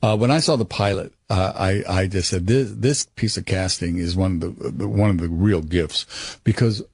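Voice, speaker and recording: A man's voice: deep voice, normal speed, husky, no echo, clean studio sound. An older man in an interview, telling stories with acted-out quotes and hesitant restarts. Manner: animated storyteller, acts out quotes, hesitant restarts. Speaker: actor guest. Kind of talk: candid interview conversation.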